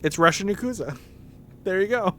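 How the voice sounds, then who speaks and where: Excitable guy streamer, high voice, jokes w chat while playing, bit of hiss. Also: moderate pace. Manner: excitable, joking, laughs often. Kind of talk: let's-play commentary with chat.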